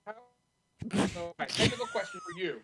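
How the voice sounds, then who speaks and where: A man's voice: very high-pitched, huge pitch swings, moderate pace, fairly bright tone. A man calling in as a guest, distracted while fixing his connection, heard through a glitchy robotic call line. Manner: distracted, fiddling with tech. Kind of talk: casual chat sorting out a call.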